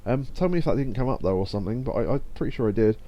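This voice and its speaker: A man's voice: mid-range voice, animated, very fast, muffled recording. A young man casually commenting while streaming a game, chatty and laughing often as he reads game text aloud. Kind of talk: casual let's-play commentary.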